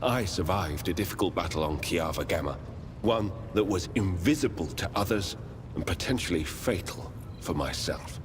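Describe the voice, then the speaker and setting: A man voicing a stern, rigid male Inquisitor in a video game who speaks in a formal, measured, solemn way. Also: lively intonation, over music. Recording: game audio with reverb and rumbling background.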